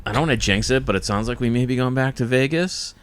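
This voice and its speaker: A man's voice: mid-range voice, quick pace, clean tone. A man hosting a podcast, telling stories in casual chat and swearing often. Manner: animated storytelling, swears often. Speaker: podcast host.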